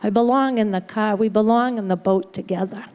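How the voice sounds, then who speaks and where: A woman's voice: mid-range voice, brisk, a little mellow. A woman speaking to a live audience in a hotel conference room, telling a humorous personal recovery story with a wry manner and frequent laughter. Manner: wry, laughs often, acts out quoted people.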